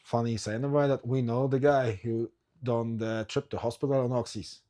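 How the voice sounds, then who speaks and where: A man hosting a casual podcast chat. He tells loose, rambling stories and swears freely. His voice sits at an ordinary middle pitch. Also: fairly even intonation, normal speed, mellow. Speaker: podcast host.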